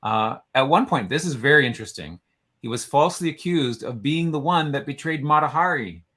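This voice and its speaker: A man's voice: a little high, lively intonation, fairly quick, fairly bright tone. A man co-hosting a casual online show, chatting in a rambling way as he reads out entries and trips over names. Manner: chatty, stumbles over names while reading. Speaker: co-host. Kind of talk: casual chat.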